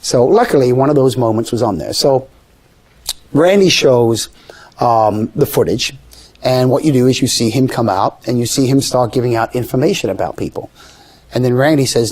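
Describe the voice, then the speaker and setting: A man tells a story in a relaxed interview, his voice sitting at a mid pitch. He is animated and brings the people in his tale to life by jumping up in pitch when he quotes them. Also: normal speed. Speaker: guest storyteller. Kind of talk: conversational storytelling.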